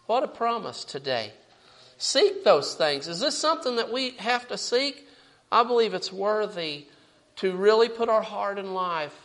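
A man with a high voice preaching a sermon. He reads scripture aloud and presses each point with rising emphasis. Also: animated, measured pace, a bit bright, rough recording.

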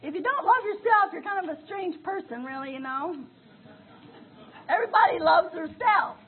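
A woman's voice: extremely high pitch, animated, moderate pace. An older woman minister preaching a fervent sermon, her voice breaking with feeling, often crying out. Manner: fervent, tearful preaching with laughs and shouts. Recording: tinny phone-like recording.

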